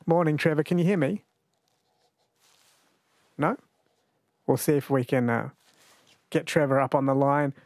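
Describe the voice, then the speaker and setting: A man's voice: fairly high pitch, a little slow, long pauses, darkish tone, no echo. An Australian man hosting a radio quiz show, chatty and jokey, speaking into a studio mic. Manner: chatty and jokey, laughs often. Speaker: radio host. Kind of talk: casual radio chat and quiz.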